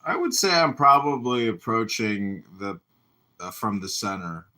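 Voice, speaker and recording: A man's voice: fairly low pitch, big pitch swings, measured pace, pushed and bright. A man who does comedy, answering questions in a casual political chat, thinking aloud. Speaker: comedian guest.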